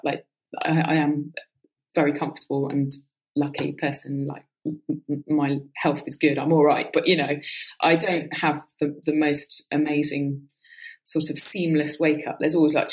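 A woman, maybe in her thirties, speaking as a guest in a relaxed, reflective conversation, with lots of fillers and a casual swear now and then. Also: deep voice, normal speed, rough recording. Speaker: podcast guest.

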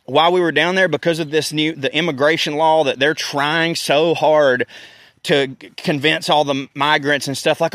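A man's voice: fairly high pitch, normal speed, fairly bright tone, dry recording, studio quality. A man, ranting casually and profanely as a host, and putting on voices for the people he quotes. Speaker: podcast host. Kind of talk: casual rant.

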